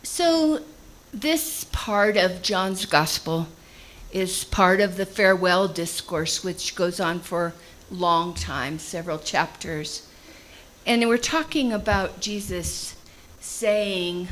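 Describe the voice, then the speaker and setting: A woman's voice: fairly low pitch, slow, fairly bright tone, a little hiss or hum, rough recording. A woman preaching a conversational sermon, reading scripture and explaining it in plain everyday language.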